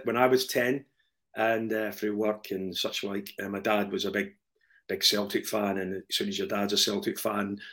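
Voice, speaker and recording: A man's voice: fairly low pitch, a bit bright. A man with a Glaswegian Scottish accent tinged with English, a podcast guest talking in a hesitant, self-deprecating way, full of ums and restarts. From Glasgow, Scotland. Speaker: supporters club member, podcast guest. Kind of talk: casual podcast chat.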